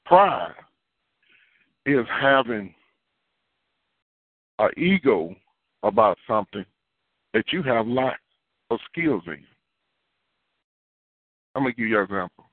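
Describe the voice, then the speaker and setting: A man's voice: medium pitch, animated, a little slow, pauses often, no echo. A man preaching a sermon in a conversational, repetitive style with folksy asides. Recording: dry, phone-like narrow sound.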